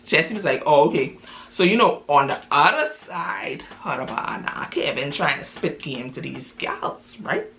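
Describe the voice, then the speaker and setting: A woman's voice: deep voice, expressive, a little slow, creaky, few pauses, pushed and bright. A woman casually telling a story in a chatty way, full of fillers and asides to listeners.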